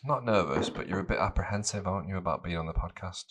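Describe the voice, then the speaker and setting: Man, very low deep voice, teasing podcast host, casual chat, laughs a lot. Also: quick pace. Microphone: remote call mic.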